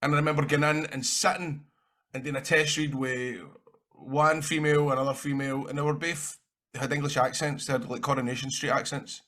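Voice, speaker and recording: A man with a Scottish accent, a guest in an interview, telling rambling, animated stories and swearing freely. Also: medium pitch, a little fast. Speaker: interview guest, actor and wrestler. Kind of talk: casual anecdotal storytelling.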